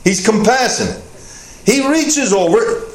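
A man preaching a sermon as pastor, earnest, rising to emphatic points and often pausing with "uh". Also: high voice, very animated. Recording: echoey room with faint noise.

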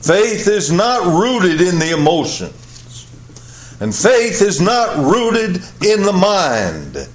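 A man preaching from the pulpit in an unhurried, deliberate cadence. His voice sits high for a man and rises to loud peaks, then sinks to hushed lows. He drives each point home through repetition. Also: big pitch swings. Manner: emphatic, repeats phrases for weight; dramatic swings between loud high peaks and low quiet drops. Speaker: pastor. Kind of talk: sermon.

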